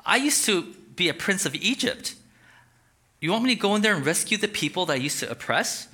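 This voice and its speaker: A man's voice: high-pitched, very animated, a little fast, pushed and bright, pitched above the performer's own voice, full character voice. A man voicing an anxious, reluctant leader from an old story, firing off incredulous questions.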